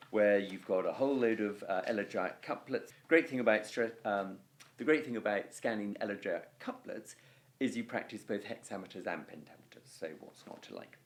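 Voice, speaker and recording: Lively-voiced male Latin teacher. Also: mid-range voice. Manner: chatty explaining with frequent "okay" and "you know". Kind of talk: casual video lesson.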